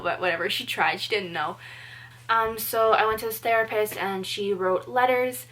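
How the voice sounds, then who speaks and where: A young woman from Canada talks straight to the camera about her own life. She is earnest and chatty and leans on "like" as a filler. Her voice sits at an ordinary middle pitch for a woman. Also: moderate pace, a bit bright. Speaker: vlogger. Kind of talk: personal storytelling to camera.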